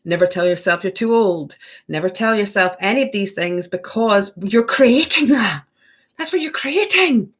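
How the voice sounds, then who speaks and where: A woman's voice: medium pitch, animated, moderate pace, breathy edge. A woman hosting a spiritual workshop, chatting effusively through a casual live-stream Q&A and answering viewers by name.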